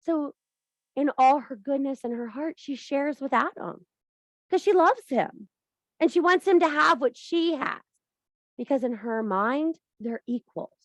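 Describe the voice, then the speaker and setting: A woman leading a workshop who retells an old story in a profane, animated lecture and speaks straight to her audience. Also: sits high, a little slow, dry recording. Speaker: workshop leader.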